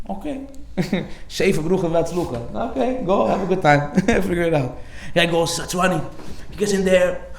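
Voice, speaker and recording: A man preaching as a rabbi in a lively storytelling style, bringing each character of his parables to life. His voice sits a little high, and he laughs often between lines. The sermon is caught in a room with a noticeable echo. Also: normal speed, gravelly.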